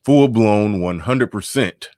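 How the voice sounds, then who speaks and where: A man with a very low voice and speech hosts a live stream, riffing loosely. He repeats his phrases, chuckles between points and reads comments aloud. The sound is close and dry. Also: slow, mellow, no room sound. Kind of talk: casual live-stream commentary reading chat.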